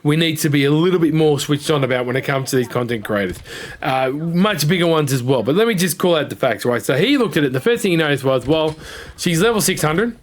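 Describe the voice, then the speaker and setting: A man with a voice pitched a touch high gives casual gaming commentary. He rambles through a story with blunt opinions and the odd swear word. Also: animated, a little fast. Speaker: gaming content creator.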